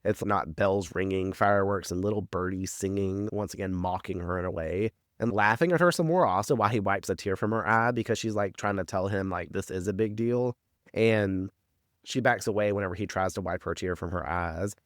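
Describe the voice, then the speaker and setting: A man's voice: low-pitched, a little fast, dry recording, clean studio sound. A man co-hosting a podcast, recapping a TV episode in rambling casual chat full of fillers and swearing.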